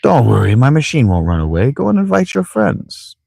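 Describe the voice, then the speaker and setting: A man voicing a wise old elder who chuckles "ho ho ho" and speaks slowly, with a gravelly, husky voice. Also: medium pitch, huge pitch swings, a little mellow, no room sound, clean studio sound, pitched above the performer's own voice, exaggerated voice. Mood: amused. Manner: chuckling "ho ho ho", slow measured speech.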